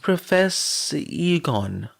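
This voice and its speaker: Curious little girl, soft questioning voice, a bit higher, fan audiobook, man reading her. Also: very animated, slow, vocal fry, heavily acted.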